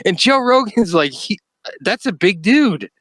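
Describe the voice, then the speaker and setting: Man, co-host, excitable, laughs a lot, lively pitch, dry room. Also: a little slow, dry recording. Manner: excitable, laughs often, does mock impressions. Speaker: podcast co-host. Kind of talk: casual chat.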